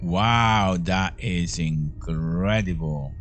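A man's voice: sits low, drawn-out words, fairly bright tone, a little hiss or hum. A man commentating as he plays a horror game, jumpy and full of exclamations, often calling out to his viewers. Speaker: horror game let's-player.

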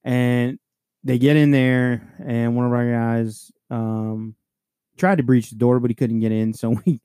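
A man's voice: mid-range voice, a little slow, clean tone, no echo. Casual cop-podcast man, curses freely, dry close mic. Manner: profane, laughing, animated storyteller. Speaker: podcast co-host, police sergeant. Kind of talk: casual storytelling chat.

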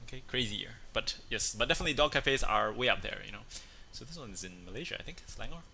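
A man's voice: lowish voice, lively intonation, quick pace, gravelly, bright, forceful tone, slightly rough. A man hosting a casual chat show, talking in a playful, chatty way and acting out voices as he tells jokes. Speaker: host. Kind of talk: casual chat, telling a joke.

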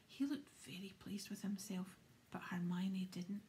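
Whispering female audiobook reader, dark and mellow, steady. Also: mid-range voice, measured pace, a little hiss or hum. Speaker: audiobook narrator. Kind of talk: whispered reading.

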